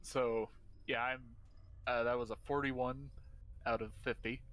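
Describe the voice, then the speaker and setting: A man's voice: medium pitch, little pitch movement, unhurried, fairly bright tone. A man playing a tabletop game with friends, casual and swearing freely. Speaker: player.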